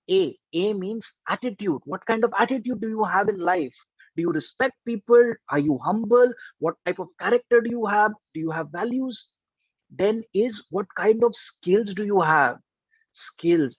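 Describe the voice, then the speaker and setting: A young Indian English-accented man, high-pitched, tells students a story in a lively way. He throws himself into the characters' lines with big swings up and down. The sound is dry and a little dull. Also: slightly rough, no room sound. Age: young adult. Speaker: trainer and life coach. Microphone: online live session mic.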